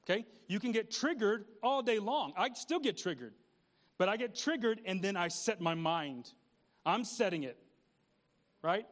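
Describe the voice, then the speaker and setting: A man's voice: sits high, animated, a little slow. A man pastor preaching a conversational sermon, repeating words and asking the congregation questions.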